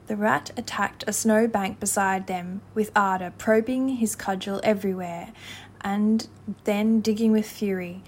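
A woman narrating a classic storybook in an expressive, measured reading voice. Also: mid-range voice.

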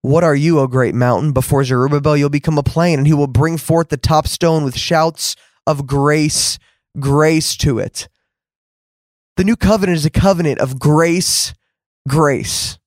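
A man's voice: a little high, steady tone, measured pace, no room sound, clean studio sound. A man preaching a fervent podcast sermon, repeating words for emphasis and rising to exclamations.

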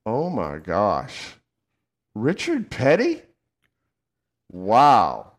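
A middle-aged man from the American South hosts a casual chat show. He talks with a Southern accent, swears freely, laughs often, and his pitch swings widely. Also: huge pitch swings, extremely slow, noisy background. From southern United States. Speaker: podcast co-host.

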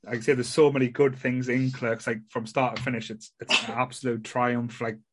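A man's voice: medium pitch, level tone, brisk, fairly bright tone, slight background noise. A man hosting a podcast in casual chat, rambling and often repeating "like I say". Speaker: podcast host.

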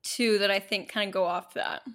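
A woman from the United States co-hosting a casual chat podcast, dropping dry, quick one-liners. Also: mid-range voice, fairly even intonation, a bit bright. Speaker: podcast co-host.

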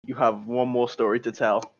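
A man's voice: mid-range voice, flat delivery, normal speed. A man hosting the rounds of a casual podcast, playful and mock-grand, laughing often. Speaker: podcast host running the rounds. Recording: dull lo-fi mic.

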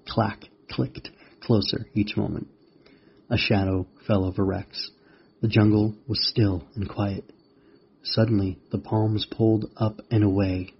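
A man reading a children's story aloud as a podcast host, in a measured storytelling manner. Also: fairly low pitch, slight background noise. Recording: dull lo-fi recording.

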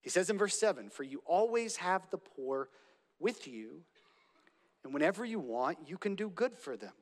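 Male pastor, earnest sermon delivery, slightly raised pitch, long hall reverb. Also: very animated, moderate pace. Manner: earnest, building emphasis with repeated phrases.

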